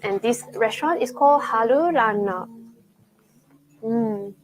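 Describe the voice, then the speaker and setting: A young woman with a slightly high voice hosts a live travel stream from a restaurant table, chatty and easily excited as she tastes each dish. A faint ambient hiss sits under her voice. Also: measured pace, poor audio. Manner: chatty and excitable, with frequent gasps and laughs. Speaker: travel show host. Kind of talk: live-streamed travel vlog, tasting food on camera. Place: indoors at a restaurant.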